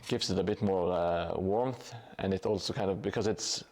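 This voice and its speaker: A man's voice: low-pitched, moderate pace, darkish tone, a little hiss or hum. A man live-streaming his terrain painting in a casual, hesitant way, with many fillers and restarts. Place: home hobby room above a gym.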